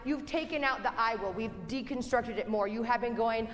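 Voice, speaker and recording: A young woman directing a choir rehearsal, giving brisk, encouraging instructions and singing example phrases. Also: fairly high pitch. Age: young adult. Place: rehearsal hall. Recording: long hall reverb, faint music.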